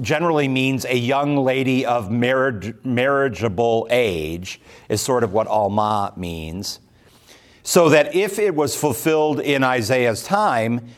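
Slow-talking pastor teaching a Bible class. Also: male voice, mid-range voice. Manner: slow, thoughtful, many fillers and restarts. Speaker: pastor leading Bible study.

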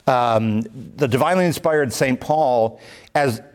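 A man leading a Bible study, reading a commentary aloud and explaining it in an unhurried way with many ums and uhs. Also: mid-range voice.

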